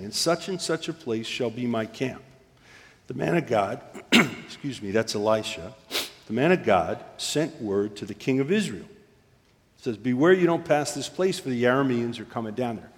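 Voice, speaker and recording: A man's voice: mid-range voice, in a large hall. A man preaching a sermon from the pulpit in a storytelling way, often dropping to a near-whisper. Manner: storytelling, drops to near-whisper for quoted moments. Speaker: pastor. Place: church sanctuary.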